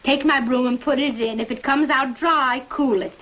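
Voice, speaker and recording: Bustling housewife mother, chatty, quaint phrasing, high voice, muffled 1950s TV sound. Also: steady tone, moderate pace. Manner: chatty, fussing, quaintly worded. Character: bustling, warm-hearted middle-aged housewife and mother. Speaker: lead character, family mother. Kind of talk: 1950s TV sitcom acting.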